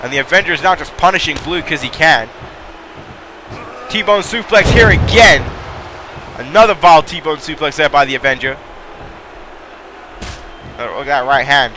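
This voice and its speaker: A man giving excitable, mildly profane play-by-play commentary on a wrestling video game. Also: fairly high pitch, normal speed, pauses often, noisy background.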